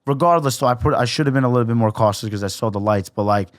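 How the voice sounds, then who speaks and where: A young man, a podcast guest, telling a story in a casual, profane, animated way and acting out the quotes. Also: mid-range voice, very fast, dry recording, clean studio sound.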